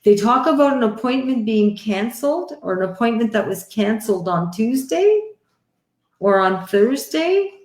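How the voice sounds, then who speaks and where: A woman's voice: fairly high pitch, sing-song, normal speed, a little mellow. Chatty woman livestreaming in an echoey room. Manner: chatty and affectionate, calls people honey and sweetheart. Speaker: livestream host giving psychic readings. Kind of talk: casual live-stream chat. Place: home, indoors. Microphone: headset or computer mic on a live stream.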